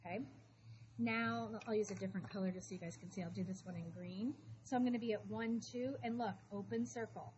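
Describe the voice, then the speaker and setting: A woman teaching math to a high school class, talking briskly and calling students back to attention. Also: darkish tone. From Florida. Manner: brisk, shushing, calls for attention. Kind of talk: classroom lesson. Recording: dull classroom recording with noise.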